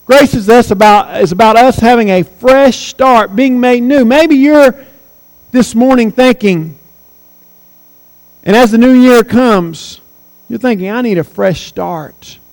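A man's voice: very high-pitched, unhurried, darkish tone, in a large hall, poor audio. A man in his forties preaching a sermon as pastor, earnest and emphatic, repeating key phrases. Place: church sanctuary.

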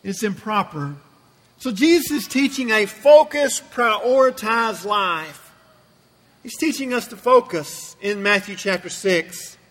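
High bright-voiced preacher in a reverberant church. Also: male voice, lively intonation, slow. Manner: emphatic, repeats phrases for effect. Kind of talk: sermon. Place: church sanctuary. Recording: long reverb from a church hall.

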